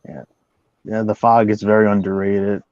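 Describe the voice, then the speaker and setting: Low man, dry and dull sound. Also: level tone, normal speed, a little mellow, no echo. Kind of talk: casual group video chat.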